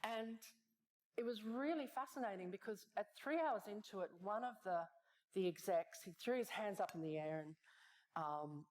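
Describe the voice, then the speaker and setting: A woman's voice: mid-range voice, normal speed. A woman speaker giving a conversational keynote talk at a conference, tossing in rhetorical questions. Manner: animated, conversational, frequent rhetorical "right?". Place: conference stage.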